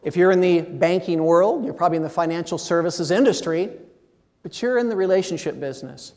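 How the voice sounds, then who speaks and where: Animated male keynote speaker in a hall. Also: high voice, fairly quick. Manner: animated, expressive inflection. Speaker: motivational speaker. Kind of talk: keynote speech. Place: large meeting hall. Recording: long hall reverb.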